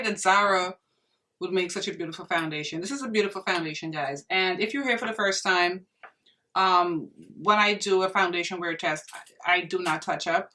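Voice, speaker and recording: A woman's voice: on the low side, sharp tone, distant mic. A young woman reviewing makeup in a casual vlog, gushing and exclaiming to her viewers as if they were friends. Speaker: beauty vlogger.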